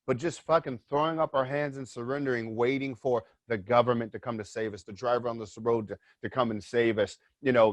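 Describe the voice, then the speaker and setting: Animated man telling a story, dry sound. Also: mid-range voice, no room sound. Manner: animated storyteller who swears freely and repeats his points. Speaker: guest. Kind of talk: casual interview storytelling.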